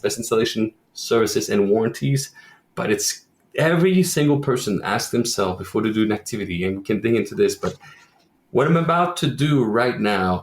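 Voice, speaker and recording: A man's voice: lowish voice, roomy sound. A man from Quebec, a roofing company owner, talking in a casual podcast interview and acting out quoted voices as he tells stories. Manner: animated storyteller who acts out quoted voices.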